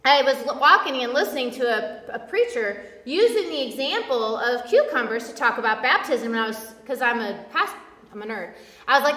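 A woman giving a casual, chatty sermon as a preacher, animated and self-deprecating, acting out quoted voices as she goes. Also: high-pitched, moderate pace. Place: church sanctuary. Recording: echoey church hall from far off.

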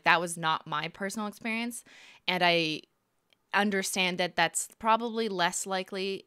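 A young woman from Canada chats her way through a live reaction stream, playful and teasing. Her voice is bright and forceful, recorded close and dry. She laughs easily between remarks. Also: fairly low pitch, smooth, no room sound. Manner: chatty, playful, sarcastic, laughs often. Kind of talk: casual live-stream commentary.

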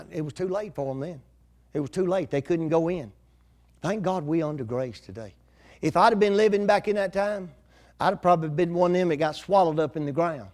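Older male preacher, high voice, homespun conversational sermon delivery. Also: fairly quick, darkish tone. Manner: folksy, conversational preaching with rural grammar.

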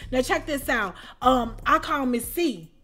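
A woman telling a personal story in a casual storytime chat. She talks in an animated way and keeps checking in with "you know what I'm saying?". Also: high voice, unhurried. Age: adult with children. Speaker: storytime channel host.

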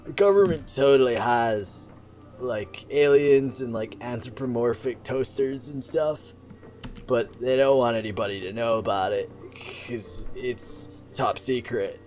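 A man's voice: mid-range voice, a little slow, darkish tone, soft background music, close to an everyday voice. An actor playing a laid-back male conspiracy theorist in a video game, rambling with lots of "like" and "man". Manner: laid-back, filler-heavy drawl with "like" and "man".

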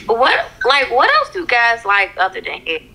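A woman, chatting bluntly on a video call. Her voice is bright, with a gravelly edge. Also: on the high side, huge pitch swings, normal speed, rough recording. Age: 20s. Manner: blunt, sassy. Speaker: video chat stranger. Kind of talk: casual chat.

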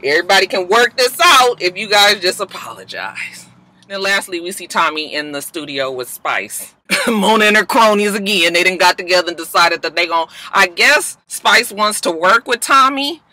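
A woman talks through a reality show episode in a sassy, gossipy way, swearing freely. Her tone is strikingly bright and sharp, and she sits right in the middle of the range for pitch. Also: animated, normal speed, no echo, low-quality recording. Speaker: reality TV recap vlogger. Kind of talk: casual episode recap commentary.

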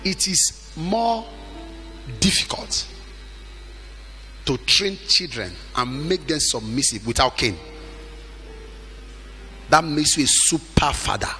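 A middle-aged man preaching a sermon with emphatic delivery, at times shouting and acting out the people he quotes. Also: on the high side, animated, slow pace, long pauses, faint music behind.

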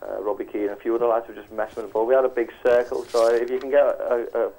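Fast-talking footballer guest, matey. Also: male voice, medium pitch, level tone, warm tone, low-quality recording. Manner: rapid, matey, rambling.

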